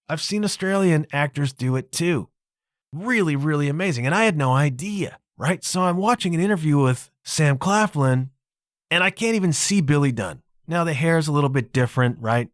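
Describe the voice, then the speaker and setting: Male solo podcast host, emphatic and chatty, animated delivery, dry close mic. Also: fairly high pitch, moderate pace, no echo. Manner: emphatic, conversational, keeps checking in with the listener.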